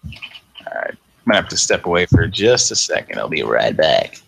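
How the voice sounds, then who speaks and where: A tired man in his thirties hosts a late-night show, his voice very low with a gravelly fry. He chats loosely, thinks out loud and chuckles often, recorded close and dry. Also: sing-song, brisk, no room sound. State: tired, yawning. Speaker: podcast host. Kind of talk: casual live-show chat.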